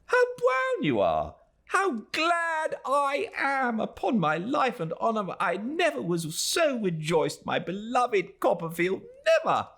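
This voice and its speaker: A man voicing an excitable young male lawyer who gushes with joy in high exclamations. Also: takes it slowly, gravelly, exaggerated voice. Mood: overjoyed.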